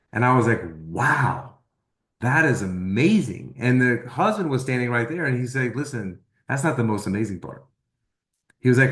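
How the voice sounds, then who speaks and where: A man telling a personal testimonial story, acting out the dialogue he quotes in an animated way. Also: mid-range voice, roomy sound. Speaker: testimonial speaker.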